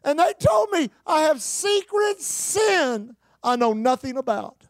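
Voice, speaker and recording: A man's voice: extremely high pitch, sing-song, slow pace, dry recording, clean studio sound, pitched above the performer's own voice, exaggerated voice. A man voicing a distressed Irish woman who cries and pleads in a raised voice with an Irish brogue.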